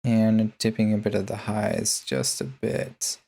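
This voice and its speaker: Laid-back gravelly man explaining plugins. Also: fairly low pitch, expressive, unhurried, dark tone. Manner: laid-back, many ums and uhs. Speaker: music producer. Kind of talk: casual tutorial narration.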